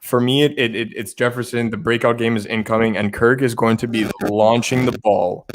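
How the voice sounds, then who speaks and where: A man co-hosting a fantasy football show in casual chat, excitable and often stumbling and repeating words. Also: medium pitch, a little fast, noisy background. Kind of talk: casual sports betting chat.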